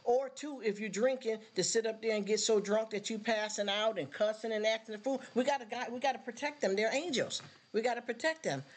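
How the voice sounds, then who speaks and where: A woman's voice: on the high side, brisk. A woman chatting casually to viewers on a livestream, rambling and earnest, often turning to ask if they follow her. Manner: emotional, near tears when thanking viewers.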